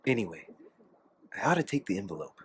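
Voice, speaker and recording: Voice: low-pitched, very animated, fairly quick. An actor voicing a young nobleman in a video game who searches for his missing mother, speaking in polite, formal, period-style lines over faint noise. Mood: earnest.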